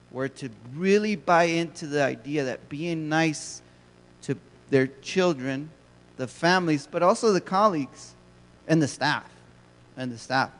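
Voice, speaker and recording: A man giving a conversational, storytelling keynote talk to educators, asking the audience questions, heard with a long hall reverb. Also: on the high side. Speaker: keynote speaker.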